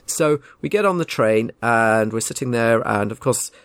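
A man's voice: mid-range voice, lively intonation, moderate pace, dry recording. Man, casual story, wry and indignant, rambles, dry close sound. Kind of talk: casual anecdote.

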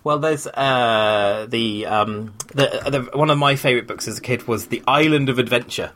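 A man's voice: medium pitch, normal speed, fairly bright tone, a little hiss or hum. A man co-hosting a podcast, rambling with lots of hesitations and easy laughs in casual chat. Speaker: podcast co-host.

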